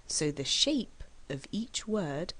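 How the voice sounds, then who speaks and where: A woman teaching an English lesson, speaking with careful, deliberate enunciation and exaggerated syllable stress. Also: sits low, big pitch swings, fairly bright tone, breathy edge. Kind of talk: scripted lesson delivery.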